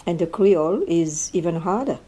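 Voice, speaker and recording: A woman's voice: lowish voice, lively intonation, normal speed, warm tone, a little hiss or hum. An older woman, answering interview questions in a thoughtful, hesitant way with frequent fillers. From Mauritius.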